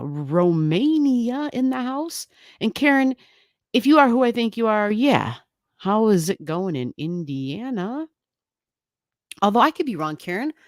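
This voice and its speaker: A woman's voice: medium pitch, dry recording, studio quality. A woman hosting an astrology livestream, chatting casually and rambling as she greets viewers and reads comments, laughing often and swearing lightly. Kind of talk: casual live-stream chat reading viewer comments.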